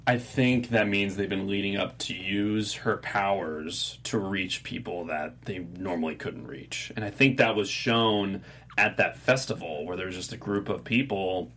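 Low-voiced man explaining calmly. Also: unhurried. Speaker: podcast co-host. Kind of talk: casual discussion of a TV show.

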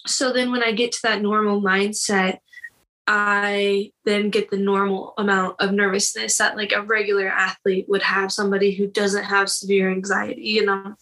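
A woman's voice: mid-range voice, level tone, moderate pace, a bit bright, poor audio. A young woman from Iowa telling her story as an interview guest, talking candidly and leaning constantly on "like" and "you know.". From Iowa, United States. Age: young adult. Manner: chatty, heavy use of "like" and "you know". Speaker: guest, college wrestler.

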